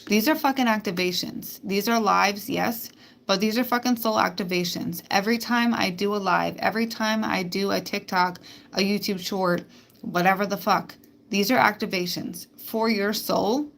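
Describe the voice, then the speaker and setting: A woman's voice: mid-range voice, moderate pace, vocal fry, a bit bright. A woman hosting a spiritual live stream, talking bluntly and emphatically with plenty of swearing. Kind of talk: casual live-stream monologue.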